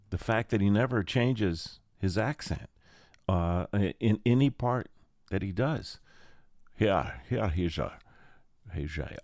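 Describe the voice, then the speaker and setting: A man's voice: deep voice, a little mellow, dry recording, clean studio sound. A man hosting a podcast as a casual monologue, playful and rambling with jokey asides. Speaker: podcast host and jazz arranger.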